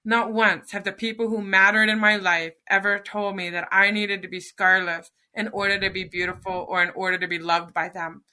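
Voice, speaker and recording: A woman's voice: mid-range voice, flat delivery, moderate pace, hardly any pauses, bright, forceful tone. A middle-aged woman, a podcast guest, earnestly telling a personal story and acting out her own inner dialogue.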